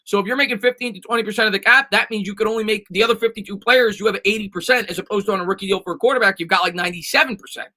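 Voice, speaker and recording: A man's voice: sits high, rapid-fire, few pauses, pushed and bright. A man hosting a casual sports live stream, answering viewer comments in an emphatic way with frequent restarts and repeated phrases.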